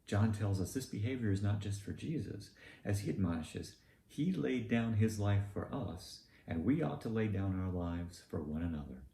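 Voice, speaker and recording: A man with a Southern US accent delivering a sermon in a measured, deliberate way with pointed emphasis. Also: on the low side, expressive, creaky, warm tone, roomy sound. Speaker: preacher.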